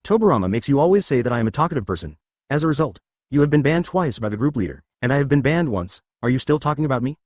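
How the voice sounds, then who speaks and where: A man's voice: mid-range voice, sing-song, fast talker, no room sound, studio quality. A man reading the lines of a cheerful, talkative male ninja leader ghost who teases others, in a synthetic storybook voice. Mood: teasing. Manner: laughs loudly and teases.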